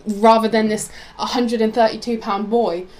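A woman's voice: fairly high pitch, fairly even intonation, normal speed. Subdued woman near tears. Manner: subdued and soft, close to tears. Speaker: podcast co-host. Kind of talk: casual conversational chat.

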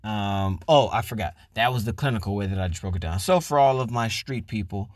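A man hosting a podcast, ranting and swearing in a mocking, loud comedic way. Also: fairly low pitch, brisk, no room sound, clean studio sound. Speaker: podcast host. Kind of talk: profane comedic rant.

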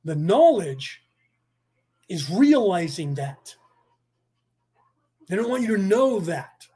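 Man, high voice, argumentative, rambling monologue, keeps asking "do you see?". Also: sing-song, takes it slowly, dark tone, breathy edge. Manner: repeats "do you see?" to press points; argumentative, acts out quoted voices in a lower tone. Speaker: speaker on politics and spirituality.

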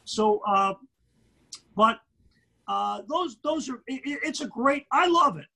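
A middle-aged basketball commentator with a Brooklyn accent, chatting animatedly in an interview and tripping over repeated words. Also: male voice, extremely high pitch, lively intonation, slow, gravelly, pushed and bright, rough recording. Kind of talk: casual interview chat.

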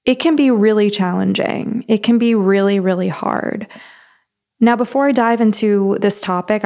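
A woman's voice: mid-range voice, darkish tone. A woman hosting a self-help podcast in a casual, earnest, slightly scattered way, tired and jet-lagged and losing her voice, recorded in a studio. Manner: chatty, earnest, a bit scattered. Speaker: podcast host.

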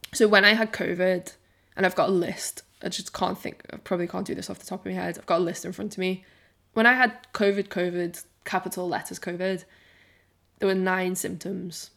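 A woman's voice: on the low side, vocal fry, fairly bright tone. A woman in her twenties, a podcast co-host talking candidly in a rambling, casual way, full of "like" and the odd swear. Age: 20s. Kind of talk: casual chat.

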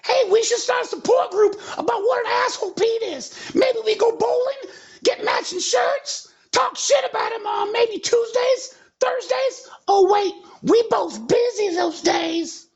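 Lightning Guy, a squeaky shouting hype man. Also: measured pace, gravelly, lo-fi sound, full character voice. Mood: rowdy hype. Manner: shouting, rowdy and cheeky.

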